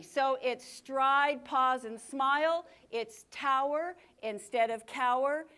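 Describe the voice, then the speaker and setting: A high-pitched woman speaking to a live audience in a conference room. Her delivery is energetic and punchy, with dramatic pauses between key words. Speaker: communication speaker. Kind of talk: live workshop talk to an audience.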